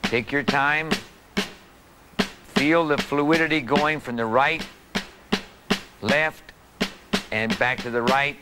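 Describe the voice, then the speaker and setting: A man giving a calm, patient drum lesson for beginners, counting and calling out the strokes. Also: mid-range voice, takes it slowly, pauses often, loud music behind the voice, low-quality recording. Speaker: drum teacher. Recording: old video tutorial with loud drums. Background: snare drum playing.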